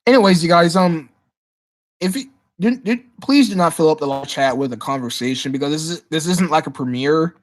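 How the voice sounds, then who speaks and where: Excitable male livestreamer who stumbles over his words. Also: a little high, brisk. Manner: excitable, repeats words and restarts often. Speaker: livestream host. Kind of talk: casual livestream Q&A, reading chat questions aloud.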